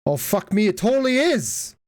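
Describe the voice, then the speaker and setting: A woman's voice: medium pitch, very animated, moderate pace, a little mellow. A woman streaming a game, giving casual, profane, joking commentary and laughing often.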